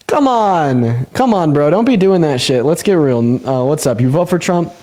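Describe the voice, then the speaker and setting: A young man hosts a casual livestream debate in a quick, loose way. He laughs often, swears freely and his voice leaps sharply upward whenever he gets excited. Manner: fast, laughing, swears a lot, jumps high in pitch when excited. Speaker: livestream host.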